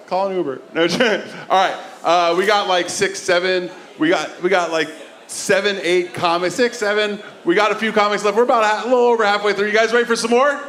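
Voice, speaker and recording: Male comedy emcee, loose and crowd-hyping, fairly high voice. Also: fairly bright tone. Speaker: host. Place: comedy club stage.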